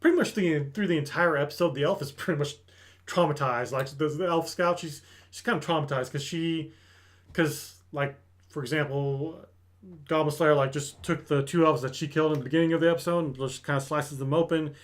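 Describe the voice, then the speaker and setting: A man's voice: a little high, brisk. Man recapping an anime episode. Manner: animated storytelling that acts out characters' lines. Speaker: anime review host.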